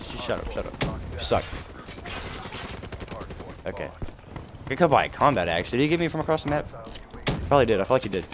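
A young man giving live gameplay commentary, animated and trash-talking, with sudden shouts at opponents. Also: mid-range voice. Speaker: gaming commentator. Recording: game gunfire noise behind the voice. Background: in-game gunfire and explosions.

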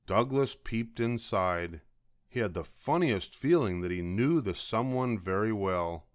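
An older man reading a children's picture book aloud as a bedtime story, slow and expressive. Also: lowish voice, no room sound, clean studio sound.

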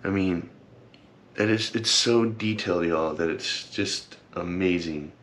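A man's voice: low-pitched, measured pace, fairly bright tone, slight background noise. A young man talking casually to his camera, rambling and earnest, with many fillers and repeated thanks, and teary at times. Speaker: vlogger. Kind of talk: casual heartfelt vlog talk.

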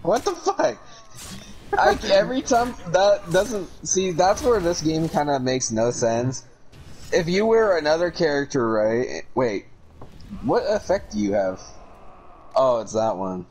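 A man's voice: on the high side, big pitch swings, measured pace, darkish tone, slight background noise, poor audio. A young man in casual gaming chat, joking and teasing his opponent with sarcastic banter and the odd curse. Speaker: gamer.

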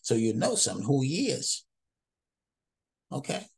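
Husky, gravelly-voiced male Bible teacher. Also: mid-range voice, very animated, a little slow, a little mellow. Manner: conversational, frequent "okay?" check-ins, repeats words. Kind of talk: casual verse-by-verse Bible teaching.

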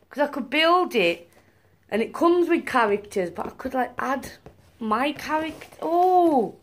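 A woman's voice: high voice, slow pace, long pauses. A young woman, unboxing gifts and gushing to her viewers in a casual vlog. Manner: gushing, excitable, talks to viewers. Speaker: vlogger.

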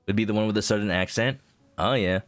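A man's voice: on the low side, fast talker, no room sound, soft background music. A man streaming a video game, chatting casually and jokily with his chat. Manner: chatty, jokey, talks to chat.

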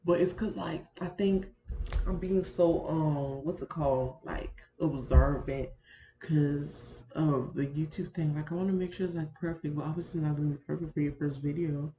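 A young woman chats her way through a casual gaming vlog, grumbling about her computer and talking straight to her viewers. Her voice sits mellow and warm. It comes through a dull built-in laptop mic in a roomy space with faint fan hum behind. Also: sits low, steady tone, moderate pace. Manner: chatty, complaining, keeps addressing viewers as y'all. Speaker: Sims content creator. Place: indoors at a computer.

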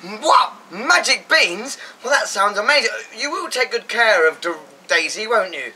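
A naive, gushing young lad whose voice shoots up with every surprise, as a man puts him on. Bright and bouncy, it leaps from high to low in a comic pantomime. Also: very animated, measured pace, breathy edge, recorded from a distance, exaggerated voice. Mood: eager. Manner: wide-eyed and gushing.

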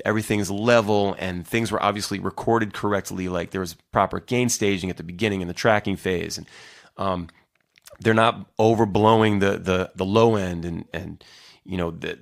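A man's voice: lowish voice, a bit bright. A middle-aged man hosting his own podcast, talking casually, rambling and profane, with lots of fillers and restarts. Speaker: musician podcast host. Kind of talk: casual solo podcast monologue.

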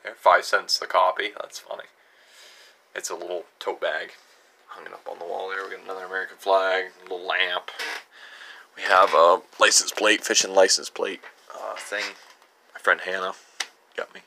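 A young man with a deep, gravelly voice gives a casual tour of his home workshop. He wanders from item to item, rambling into stories and chuckling along the way. His voice has a low, creaky rasp. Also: level tone, normal speed, bright, forceful tone, slight background noise. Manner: rambling storyteller with frequent chuckles. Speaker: channel host.

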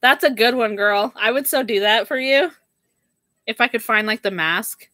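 A woman's voice: fairly high pitch, normal speed, sharp tone, no echo, clean studio sound. A young woman hosting a live sale stream, chatting casually with viewers and often saying "like" and "girl". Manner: chatty, says "like" and "girl" a lot. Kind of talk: casual livestream chat.

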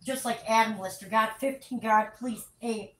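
Woman, vlog host, distressed, insistent, high voice, echoey motel room. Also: moderate pace. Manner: distressed, insistent, shouting orders. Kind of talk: heated argument on a vlog. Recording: echoey room, distant mic.

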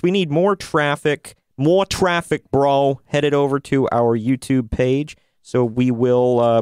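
A man's voice: mid-range voice, clean tone, dry recording, clean studio sound. A man hosting a podcast in a casual, upbeat way, now and then stretching out a playful "bro". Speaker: podcast host.

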